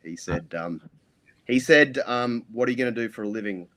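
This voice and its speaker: A man's voice: mid-range voice, fairly quick, a bit bright. A middle-aged Australian man, a podcast guest, telling rambling stories full of ums and restarts. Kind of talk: casual interview storytelling.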